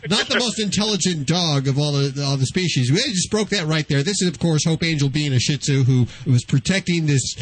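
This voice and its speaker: A man's voice: fairly high pitch, a little fast, hardly any pauses, rough recording. A man hosting a radio show, interviewing a guest in a friendly, teasing way.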